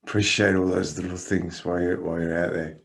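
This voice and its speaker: A gravelly, fairly low-voiced Australian man talks at a quick pace as a coach in relaxed podcast conversation, staying calm and encouraging when advising and lively and laughing when telling stories.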